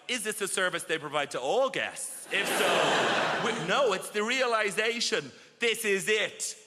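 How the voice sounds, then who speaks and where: Male stand-up comic, high voice, wry self-mocking storyteller, echoey theatre. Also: noisy background. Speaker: stand-up comedian. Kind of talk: stand-up routine. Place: large theatre stage. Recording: echoey hall with loud audience laughter. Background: roaring crowd laughter.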